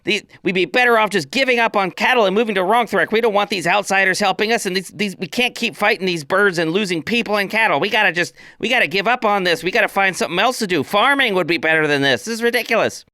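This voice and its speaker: A jittery, whiny orc man, as a man puts him on, squeaking high and tumbling over his words. The voice is bright and clean, close and dry with no room around it. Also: quick pace, few pauses, dry recording. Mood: panicked. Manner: frantic, high-pitched pleading. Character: lanky anxious male orc, panicky and whiny.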